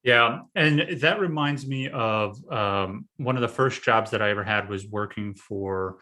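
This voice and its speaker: A man with a lowish, forceful and bright voice talks in a casual podcast conversation. He hesitates often, restarting phrases and filling pauses with ums and likes as he works out his thoughts. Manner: halting, many fillers and restarts. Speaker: podcast host, guest this episode.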